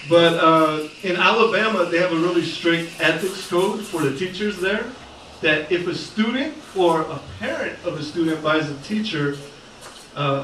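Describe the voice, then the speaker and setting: A male stand-up comic works through a loose, self-deprecating set, full of uhs and ums. His voice sits slightly high and bounces around a roomy gallery. It is caught from a distance, with steady noise behind him. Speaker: stand-up comedian. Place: art gallery open mic night. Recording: echoey room recorded from far off, noisy. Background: audience ambience and laughter.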